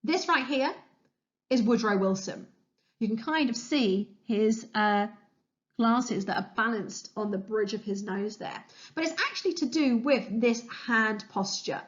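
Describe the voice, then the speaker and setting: A fairly high-voiced woman teaches a history revision lesson in an eager, chatty way, often pausing on fillers. She talks over slides, and the recording sounds a little dull and muffled. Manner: enthusiastic, chatty, with frequent fillers.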